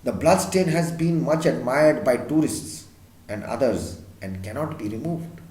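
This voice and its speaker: A man reading aloud as a quiet, solemn elderly woman housekeeper, speaking low in a roomy room. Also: unhurried, natural voice. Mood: hushed solemn.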